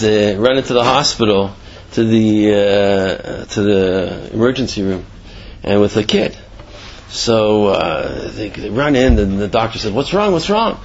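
A man's voice: on the low side, vocal fry, dull audio. A man giving an informal Torah class, telling jokes and asking many rhetorical questions, with frequent fillers. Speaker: Torah teacher.

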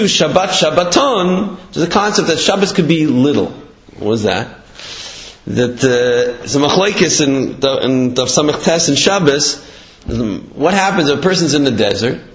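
A man giving a Torah talk, halting and restarting as he explains and tells a parable. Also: medium pitch. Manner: halting, with many fillers and restarts. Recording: echoey room, dull lo-fi.

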